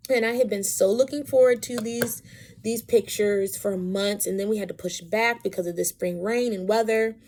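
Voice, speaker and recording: Brief: casual mom vlogger, woman, gravelly, storyteller. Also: mid-range voice. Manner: chatty, animated, lots of asides. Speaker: vlogger, mother.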